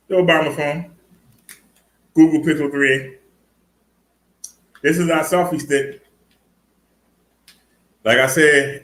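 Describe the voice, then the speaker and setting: A man's voice: medium pitch, pushed and bright, roomy sound, low-quality recording. A man casually demonstrating an e-bike in a vlog, chatty, laughing and talking to his viewers. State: out of breath. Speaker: fitness and e-bike vlogger.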